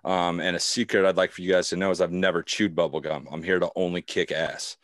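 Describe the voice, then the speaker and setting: A man's voice: low voice, little pitch movement, brisk, dry recording, clean studio sound. A man joking boastfully as a guest in a comedic mock job interview. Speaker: podcast guest.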